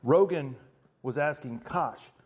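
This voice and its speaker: Male host in his fifties, emphatic monologue, fairly high pitched, stumbles and restarts. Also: slow, breathy edge. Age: 50s. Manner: impassioned, emphatic, restarts often. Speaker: show host. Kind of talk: monologue commentary.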